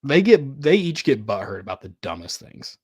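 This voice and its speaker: An easygoing young man chats about sports, often puzzling things out aloud. His mid-pitched voice is recorded dry and close, without any room sound. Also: sing-song, moderate pace, a little mellow, breathy edge, dry recording. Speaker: podcast co-host. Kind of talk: casual sports chat.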